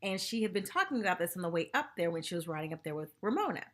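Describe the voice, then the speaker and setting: Woman, vlogger, gossipy TV recap, chatty, very lively pitch, bright tone. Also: racing. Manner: animated, chatty, says "y'all" and "like" often. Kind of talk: casual gossipy episode review.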